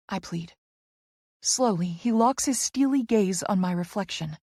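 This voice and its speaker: A woman reads a first-person romance audiobook in a medium-pitched voice, moving between hushed narration and heated dialogue. The recording is close and dry, with no room sound. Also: measured pace, slightly rough, no echo. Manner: expressive, shifting from soft narration to heated dialogue.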